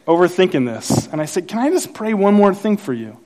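A man preaching a sermon as pastor, telling a personal story with acted-out quotes and rising excitement. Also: brisk. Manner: animated storyteller, acts out quotes, grows louder and higher as the story builds.

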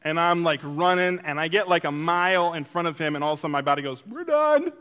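A man telling a personal story in a sermon-like way, acting out quotes and then turning soft and reflective. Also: a little high, quick pace, smooth, muffled recording. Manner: animated, acts out quotes, drops to a soft reflective tone.

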